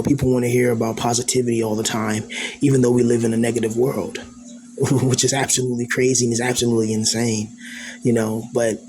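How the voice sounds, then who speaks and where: Man, middle pitch, introspective loose monologue with heavy fillers; light background hiss. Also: darkish tone. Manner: rambling, full of "you know" and "like"; earnest and introspective. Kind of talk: reflective personal monologue.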